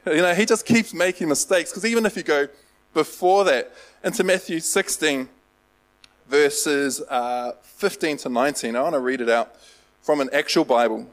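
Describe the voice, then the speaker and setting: A man delivers a casual sermon in a slightly high voice, wandering through his points with frequent fillers and restarts. He pokes fun at himself as he talks. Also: moderate pace, rough recording. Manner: rambling, self-deprecating, lots of fillers. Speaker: pastor.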